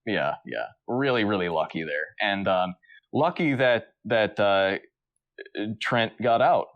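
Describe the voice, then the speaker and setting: Low-voiced man, halting deadpan storyteller. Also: dull audio. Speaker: podcast co-host. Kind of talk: casual comedic podcast chat.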